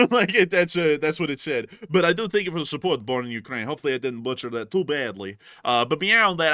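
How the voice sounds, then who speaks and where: A man's voice: fairly high pitch, sharp tone, smooth, no echo, studio quality. A young man co-hosting a live news stream, upbeat and chatty as he thanks supporters, laughing often. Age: young adult. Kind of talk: live-stream super chat thank-yous.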